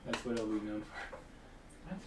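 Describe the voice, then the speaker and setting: A joking man chats casually on a painting stream. He sounds set back from the mic in an echoey room with steady ambient noise behind him. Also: fairly low pitch, slow. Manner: playful, joking, breaks into silly voices. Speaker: co-host of a painting livestream. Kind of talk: casual chat. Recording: roomy, distant mic, noisy ambience.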